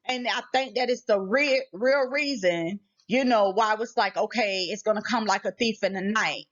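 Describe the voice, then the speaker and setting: A woman's voice: medium pitch, normal speed. Emphatic preachy woman, lo-fi audio. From United States. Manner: emphatic and preachy, repeats rhetorical questions. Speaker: channel host. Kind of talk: casual spiritual warning vlog. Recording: slightly muffled lo-fi audio.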